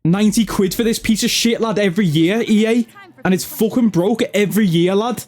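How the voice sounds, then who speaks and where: This football-game commentary comes from a gaming YouTuber who swears heavily, uses slang and calls people "lad." His voice sits high and a little mellow, and he talks fairly quickly.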